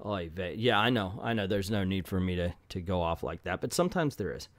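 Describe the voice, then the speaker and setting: A man's voice: low-pitched, expressive, fairly quick, no room sound, clean studio sound. A man with a slight Southern drawl, ranting bluntly and profanely as a comic book reviewer in an exasperated vlog.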